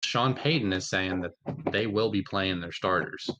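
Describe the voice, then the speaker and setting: A man's voice: sits low, normal speed, noisy background. A man who is a guest on a casual sports podcast, stammering through restarts as he hedges his opinions.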